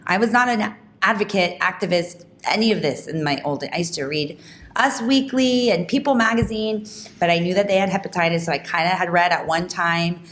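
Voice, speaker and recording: Low-voiced woman telling a story. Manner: animated, fast talking with frequent restarts; emphatic, rising pitch when indignant. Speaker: podcast host. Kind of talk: casual podcast storytelling.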